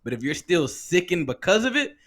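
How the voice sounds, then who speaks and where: A man's voice: high-pitched, very animated, fairly quick, a bit bright. A man in a casual podcast conversation, speaking in a reflective, thoughtful way.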